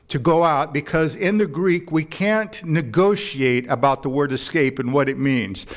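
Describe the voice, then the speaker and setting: A pastor delivers a sermon to his congregation in a relaxed, conversational manner. He mixes in jokes and asides. His voice sits a little on the higher side for a man. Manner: conversational preaching with humor and anecdotes. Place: church before a congregation.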